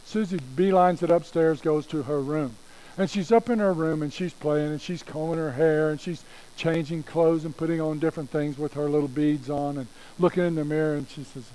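A man's voice: a little high, fairly even intonation, fairly quick, dark tone, rough recording. A man telling a folksy story with chatty asides to the audience.

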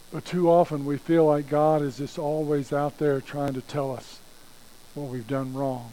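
A man's voice: on the high side, fairly even intonation, measured pace, dark tone, a little hiss or hum, poor audio. A pastor preaching a conversational sermon, repeating phrases and restarting his sentences as he goes.

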